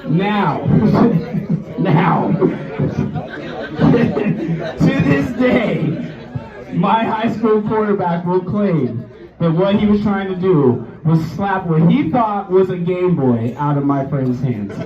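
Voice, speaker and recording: Man in his twenties, stand-up comic, high voice, loose and profane, roomy bar stage, dull distant club recording. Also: expressive, slow. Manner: loose, profane, laughing at his own story. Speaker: stand-up comedian. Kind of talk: stand-up storytelling. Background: crowd reactions.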